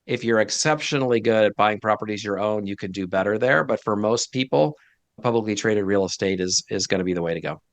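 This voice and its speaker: A man's voice: on the low side, fairly quick, dry recording. A man speaking as a guest financial advisor in a casual interview, direct and emphatic with blunt opinions.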